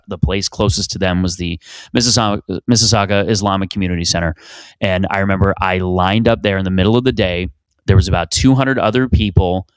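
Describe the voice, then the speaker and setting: Canadian man, 30s, low voice, dry close sound, rambling profane self-mocking podcast host. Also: clean tone, no echo. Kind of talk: solo comedic podcast monologue.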